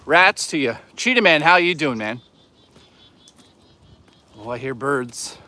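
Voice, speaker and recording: A man's voice: medium pitch, expressive, slow pace, sharp tone. A man hosting a casual livestream outdoors on a hike, rambling and swearing as he chats with viewers. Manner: rambling, profane, chatty with viewers. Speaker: livestream host.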